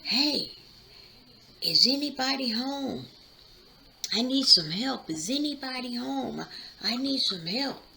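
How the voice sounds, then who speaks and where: A man's voice: very high voice, lively intonation, slow, vocal fry, long pauses, sharp tone, a little hiss or hum, pitched above the performer's own voice, exaggerated voice. A woman voicing a stranded man who knocks and asks for help, in a casual story retelling. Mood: pleading. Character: stranded young man asking for help, then poisoned.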